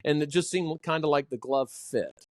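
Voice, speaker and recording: A man speaking as a trainer in a casual podcast conversation, showing off vocal inflection with big pitch swings. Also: moderate pace, a little mellow.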